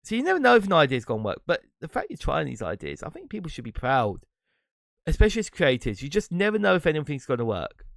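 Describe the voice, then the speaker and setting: A man hosts his own podcast solo, musing in a loose, rambling way and laughing between thoughts. His voice sits a little high and swoops up and down with lively pitch. The sound is dry and close, with no room around it. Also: fast talker, gravelly, no room sound. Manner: rambling, reflective, breaks into laughs. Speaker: podcast host and streamer. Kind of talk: casual solo monologue.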